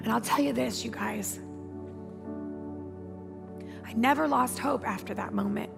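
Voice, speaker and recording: A woman's voice: on the high side, a little slow, creaky. A woman pastor preaching a sermon, telling a personal story in an emphatic, conversational way with repeated phrases. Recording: long hall reverb with music behind.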